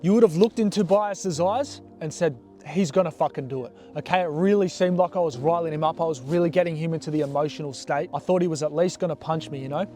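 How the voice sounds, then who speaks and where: Blunt, foul-mouthed young man telling a story. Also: on the high side. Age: young adult. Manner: animated, blunt, swears freely. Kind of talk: casual storytelling.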